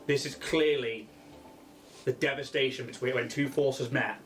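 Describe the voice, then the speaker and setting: A man's voice: medium pitch, moderate pace, faint music behind. A man narrating a tabletop game as game master, rambling and often laughing.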